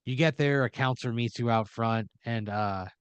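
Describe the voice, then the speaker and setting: A man's voice: mid-range voice, normal speed, clear, resonant tone, no room sound. A man hosting a comedy podcast, narrating an improvised second-person story and peppering it with "you know" and "like". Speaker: podcast host.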